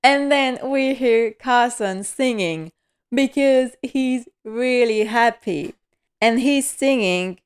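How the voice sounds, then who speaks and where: A woman's voice: fairly high pitch, slow pace, smooth. A woman hosting a casual episode recap, enthusiastic, laughing often and using many fillers. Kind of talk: casual chat.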